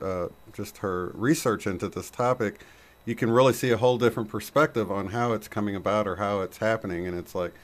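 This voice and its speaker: A man with a lowish voice hosts a casual chat. He rambles and leans on fillers as he talks. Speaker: host.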